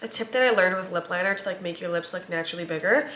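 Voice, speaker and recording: A woman's voice: on the low side, fast talker, bright, forceful tone, echoey room. A young woman in her twenties, a new mother, chatting casually in a vlog with a stuffy, congested voice and lots of filler words. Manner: rambling, filler-heavy, chatty. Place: at home and in a car.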